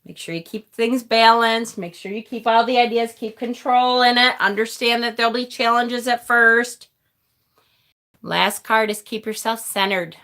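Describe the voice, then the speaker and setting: Bright-voiced chatty woman reading cards. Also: fairly high pitch, fairly even intonation, moderate pace. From Rochester, New York. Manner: chatty and affectionate, reads viewer comments aloud. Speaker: tarot reader and channel host. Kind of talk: casual live-stream card reading.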